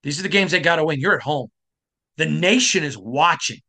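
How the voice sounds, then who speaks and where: A middle-aged man from Michigan hosting a sports podcast, giving a passionate, emphatic monologue that climbs to shouting. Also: fairly high pitch, animated, fairly quick. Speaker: podcast host.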